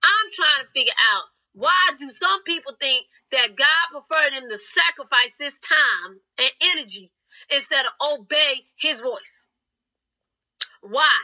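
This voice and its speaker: A woman's voice: sits high, lively intonation, a little slow, sharp tone, poor audio. A young woman preaching a fervent sermon, retelling scripture in her own words.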